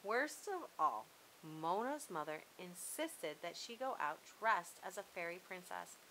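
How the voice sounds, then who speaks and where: Bright-voiced woman reading a children's story. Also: fairly low pitch, a little slow, slight background noise, low-quality recording. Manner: expressive, lively read-aloud. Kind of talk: children's storybook read-aloud.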